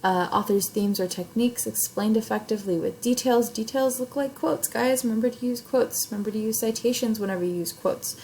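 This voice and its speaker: A young woman English teacher with a fairly high yet dark-toned voice speaks fairly quickly, barely pausing, as she casually walks through an assignment step by step with many fillers. She films herself on camera at home or in class. The low-quality recording has slight background noise.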